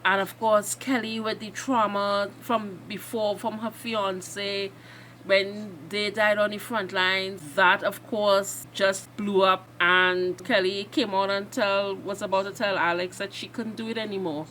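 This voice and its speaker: Excitable woman recapping TV episodes. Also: mid-range voice, measured pace, a little hiss or hum. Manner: excitable and emotional, rambling recap full of fillers. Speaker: reaction video host. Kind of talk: casual TV episode reaction and recap.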